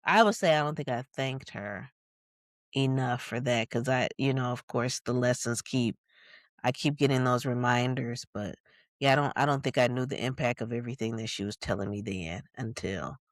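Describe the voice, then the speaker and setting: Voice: medium pitch, no room sound, clean studio sound. Reflective podcast storyteller from Michigan. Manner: thoughtful, lots of fillers, quick narration bursts. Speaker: podcast co-host.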